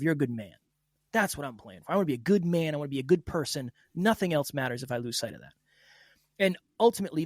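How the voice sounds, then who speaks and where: A man's voice: a little high, no room sound, studio quality. A man speaking as a podcast guest, earnest and emotional, talking openly and with emphasis. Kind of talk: candid interview talk.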